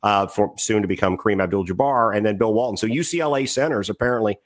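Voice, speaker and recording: A podcast co-host talks fast in a lowish voice, rambling casually through sports trivia with lots of fillers.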